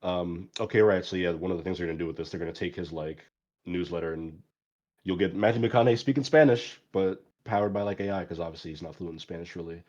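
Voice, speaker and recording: A man's voice: low-pitched, fast, a little mellow. A man co-hosting a casual pop culture talk show, reading news quotes aloud with offhand asides. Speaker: co-host. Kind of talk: casual podcast discussion. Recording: dull lo-fi audio.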